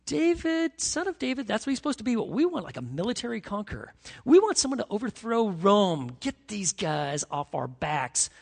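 A man preaching a sermon as pastor, emphatic and animated, reading scripture dramatically. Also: high-pitched, moderate pace, creaky, long reverb tail.

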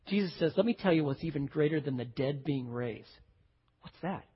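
A male pastor giving an animated sermon, asking his listeners questions and acting out quoted voices. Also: fairly high pitch, normal speed, husky. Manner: animated preaching, acts out quoted voices, asks the audience questions. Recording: dull sound with long hall reverb.

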